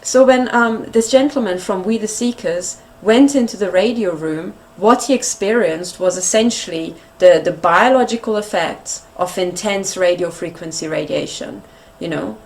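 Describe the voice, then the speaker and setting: A woman's voice: medium pitch, moderate pace, rough recording. A woman hosting an interview, talking casually with lots of fillers like "you know" and "like". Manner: chatty, filler-heavy, animated.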